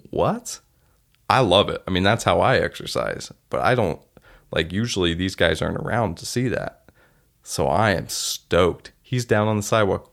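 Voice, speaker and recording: A man's voice: low-pitched, gravelly. A man hosting a solo podcast, telling stories in an earnest, heartfelt way. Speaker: podcast host.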